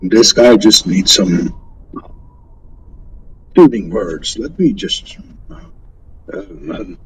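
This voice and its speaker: A man playing a tabletop game, speaking in character in a gentle, consoling way. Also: on the low side, animated, drawn-out words, pauses often, a little hiss or hum, poor audio. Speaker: player. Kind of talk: in-character tabletop role-play.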